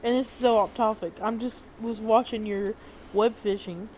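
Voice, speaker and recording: A woman co-hosting a casual chat, asking curious questions in a slangy, relaxed way. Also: fairly high pitch, normal speed, a little hiss or hum, low-quality recording. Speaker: co-host, the host's wife.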